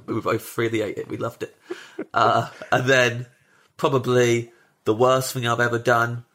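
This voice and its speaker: A man's voice: mid-range voice, little pitch movement, normal speed, fairly bright tone. A man, a comedian on a podcast, chatting animatedly and acting out his own thoughts as he rambles. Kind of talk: casual chat.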